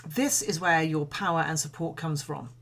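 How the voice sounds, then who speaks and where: A woman singing coach giving a calm, measured voice lesson, explaining and demonstrating breathing exercises. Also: deep voice. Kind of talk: instructional voice lesson.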